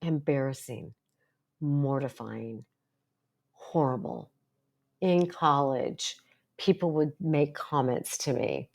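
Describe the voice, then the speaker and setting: An older woman, a psychologist who hosts a support group, chats casually to the camera in a rumbling low, slightly mellow voice. She speaks slowly with frequent pauses, telling stories earnestly and asking lots of rhetorical questions.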